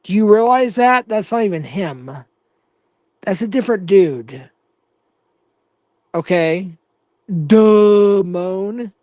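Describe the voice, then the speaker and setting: Slow, profane man hosting a livestream. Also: sits high, lively intonation, darkish tone, no room sound. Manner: slow, profane, mocking banter. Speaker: livestream host. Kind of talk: casual livestream chat reading comments.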